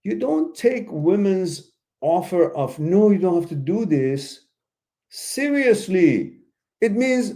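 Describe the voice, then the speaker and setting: A man hosting a live question-and-answer stream, giving blunt, animated relationship advice with emphatic outbursts. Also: takes it slowly. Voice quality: animated, emphatic, swings high when exclaiming. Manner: blunt and preachy, mixes in laughter and asides. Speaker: host answering viewer questions.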